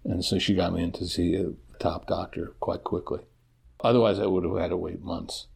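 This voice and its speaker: A man's voice: deep voice, little pitch movement, normal speed, gravelly, a little mellow, breathy edge. An older man, a teacher, talking candidly in an interview and telling stories with a self-deprecating touch. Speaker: interview guest. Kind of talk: casual interview.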